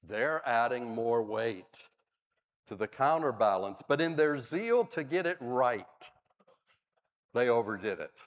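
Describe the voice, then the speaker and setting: A man's voice: mid-range voice, a little slow, in a large hall. An older man, a pastor, preaching a sermon, telling stories with dry humor. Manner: animated storyteller, dry humor. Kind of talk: sermon with storytelling.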